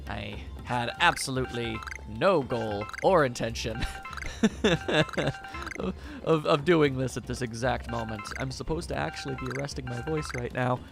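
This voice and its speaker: A man's voice: medium pitch, gravelly. A young man giving playful, chatty let's-play commentary and talking to the game. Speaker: video game streamer.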